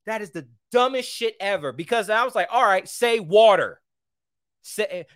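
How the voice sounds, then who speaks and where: A man's voice: expressive, normal speed, dry recording. Guy ranting on his podcast, voice jumps all over, dry close mic sound. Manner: heated, ranting, swinging between loud outbursts and low asides. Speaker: podcast host. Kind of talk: opinionated solo commentary.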